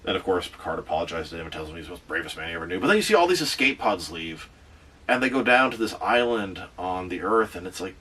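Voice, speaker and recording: A man casually recapping a movie as a reviewer, animated, with quick asides. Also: low-pitched, breathy edge, distant mic.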